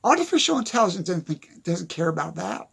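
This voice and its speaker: Tired gravelly man, earnest monologue. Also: sits high, sing-song, fairly bright tone. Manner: halting, repeats phrases, restarts often. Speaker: speaker on philosophy.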